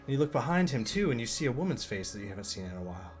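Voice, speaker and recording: A man narrating a tabletop fantasy game as game master, in slow dramatic storytelling. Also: medium pitch, big pitch swings, soft background music.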